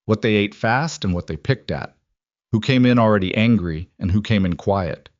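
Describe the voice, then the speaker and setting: A man narrates a scripted story in a steady, measured way, his voice sitting on the low side. The recording is dry with no room sound and a slightly dull, muffled tone. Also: no echo.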